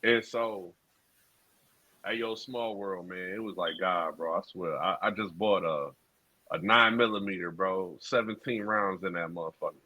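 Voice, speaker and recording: A man co-hosting a podcast, telling a profane story in a casual, animated street style. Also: low voice, moderate pace. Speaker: podcast co-host. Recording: dull lo-fi sound.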